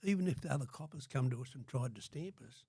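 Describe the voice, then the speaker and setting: A man's voice: medium pitch, expressive, fast talker, mellow, husky, dry recording, clean studio sound. An older Australian man telling blunt, profanity-laden stories in a casual interview, acting out what people said. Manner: blunt, swears constantly, acts out quotes. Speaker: guest.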